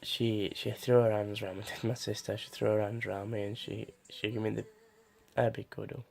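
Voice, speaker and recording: Young man for a to-camera vlog: gravelly, slightly low, halting and full of restarts. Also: flat delivery, a little mellow. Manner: halting, many restarts and fillers. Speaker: vlogger. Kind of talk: personal storytelling to camera.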